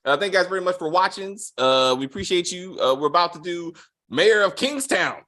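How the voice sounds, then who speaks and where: Lively bright-voiced male host. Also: sits high, a little fast. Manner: hesitant, many fillers and restarts, blunt. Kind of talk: casual chat review.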